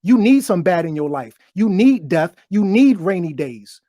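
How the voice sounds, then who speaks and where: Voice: mid-range voice, very animated, normal speed, dry recording, lo-fi sound. A host giving a profane, preachy monologue to viewers, stuttering as they go, talking into a desk microphone. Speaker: online show host. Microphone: desk microphone, bumped while talking.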